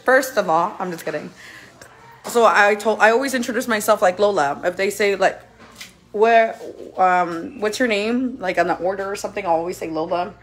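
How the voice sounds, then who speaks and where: A woman's voice: medium pitch, fast. A woman in her thirties chatting casually to camera at home, laughing often and slipping into Spanish with her kids. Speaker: vlogger and mother. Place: family home.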